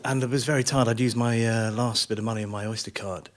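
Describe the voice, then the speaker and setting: Male live storyteller on stage; self-mocking, meandering, mid-pitched voice. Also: steady tone, fast. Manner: wry, rambling, self-mocking. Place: small theatre stage.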